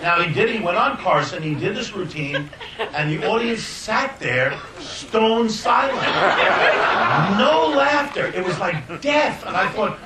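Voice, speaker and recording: Animated older man telling stories. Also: over a noisy crowd. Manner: animated, laughing, quick restarts. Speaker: filmmaker guest. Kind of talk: anecdotal storytelling. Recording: roomy distant mic, faint rumble.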